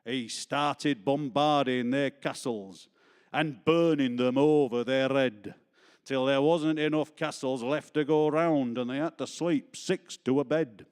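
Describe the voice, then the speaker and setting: A man's voice: mid-range voice, slow, a little mellow, clean tone, voice pushed up, natural voice. A man doing a broad, jaunty Northern storyteller. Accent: put-on Yorkshire-Lancashire. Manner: broad, bouncy comic recitation in rhyming verse. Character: jaunty Northern English man telling a comic tale in verse. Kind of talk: comic verse monologue.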